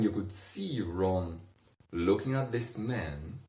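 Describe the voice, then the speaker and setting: A man narrates a bedtime sleep story softly, wandering and correcting himself as he goes. His voice is deep and unhurried. The recording is roomy and a little distant. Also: animated. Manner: meandering, self-correcting, soft-spoken.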